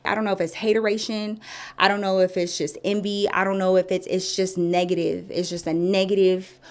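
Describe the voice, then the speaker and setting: A woman's voice: medium pitch, little pitch movement, fairly quick. A woman in her thirties telling a story to her viewers in a chatty, sassy way, calling them girl and y'all. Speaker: storytime vlogger.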